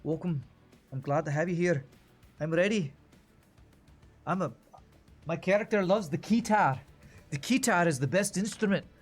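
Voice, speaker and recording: A man's voice: sits high, normal speed, pauses often, slightly rough, faint music behind, pitched above the performer's own voice. A man voicing a cheery keytar-obsessed character in an attempted Liverpool accent that comes out sounding Scottish. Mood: enthusiastic.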